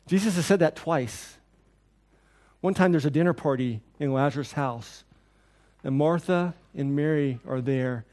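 A middle-aged male pastor preaching in a loose, conversational way, his voice sitting a little higher than most men's. He is animated, acting out the people he quotes, then turns quiet and soft when the passage becomes tender. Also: unhurried. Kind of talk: sermon.

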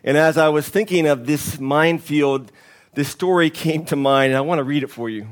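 A male preacher delivers his sermon with a fairly high-pitched voice. He talks frankly, breaks into humorous asides, and tells a story to make his point. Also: normal speed. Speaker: pastor.

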